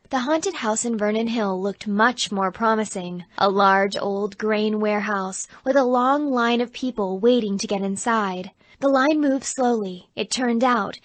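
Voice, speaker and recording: A woman narrating an audiobook in an even, clear storytelling voice. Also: medium pitch, dry recording.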